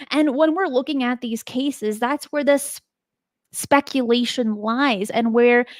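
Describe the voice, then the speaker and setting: A woman with a fairly high voice hosts a show on unexplained cases. She talks in a chatty, emphatic way and keeps asking her listeners questions. The recording is dry and close, with no room sound. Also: no echo. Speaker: host. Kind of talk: casual spoken narration of paranormal cases.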